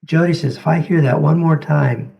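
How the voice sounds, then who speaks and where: A man who is a doctor, speaking as an interview guest, telling stories in a gentle, halting way that repeats words. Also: a little high, creaky, highs cut off. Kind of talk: reflective storytelling in conversation.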